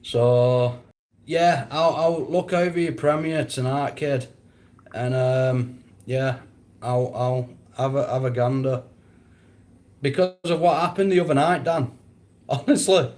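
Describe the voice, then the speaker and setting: A man's voice: medium pitch, steady tone, takes it slowly, a little mellow. A man chatting casually on a live stream, answering viewers, rambling and often breaking into laughter.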